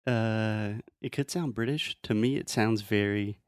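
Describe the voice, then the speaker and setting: A man teaching English pronunciation in a relaxed, friendly chat, often demonstrating sounds. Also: fairly low pitch, measured pace, clean tone, dry recording, clean studio sound.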